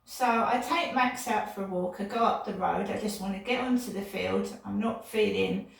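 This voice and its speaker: A woman's voice: mid-range voice, normal speed, gravelly. An older woman vlogging in a rambling, indignant monologue that often repeats itself. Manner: indignant, repetitive, digressive. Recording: echoey room, distant from mic.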